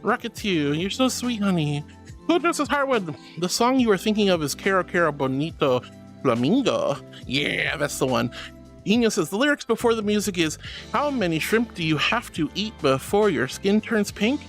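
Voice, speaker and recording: High pitched guy streamer gushing at his chat, calls everyone sweetie, soft music in the back. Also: sing-song, normal speed. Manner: effusive, calls viewers honey and sweetie. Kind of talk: casual chat reading viewer messages.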